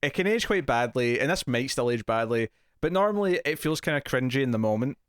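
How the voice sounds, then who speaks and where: A man co-hosting a casual TV review podcast, jokey and quick to laugh. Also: medium pitch, lively intonation, clean tone, no room sound, clean studio sound. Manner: laughs often, jokey, self-mocking. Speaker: podcast co-host.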